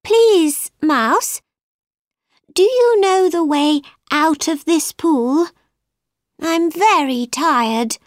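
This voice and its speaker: A woman playing a polite, curious little girl in a storybook who chatters away and keeps apologising. Her voice rides high and lively, and the sound is close and dry. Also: slow pace, no room sound, exaggerated voice. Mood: musing. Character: polite, curious young girl, shrunk tiny. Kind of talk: storybook reading.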